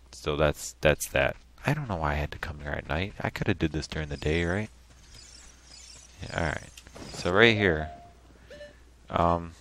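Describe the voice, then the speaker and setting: A man hosting a video game playthrough at home, chatting casually with sudden excited yelps. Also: sits low. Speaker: host.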